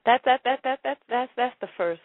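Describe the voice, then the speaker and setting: A woman's voice: high voice, a little fast, no room sound. A woman hosting a live call-in advice show, stammering through repeats and breaking into laughter and dramatic exclamations. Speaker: radio advice show host. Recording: tinny phone-like line.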